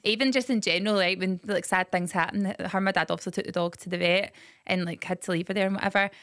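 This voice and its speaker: A Scottish woman co-hosting a podcast, telling family anecdotes in a lively, chatty way. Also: medium pitch, quick pace, no echo, clean studio sound. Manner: animated storyteller. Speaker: podcast co-host. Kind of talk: casual chat.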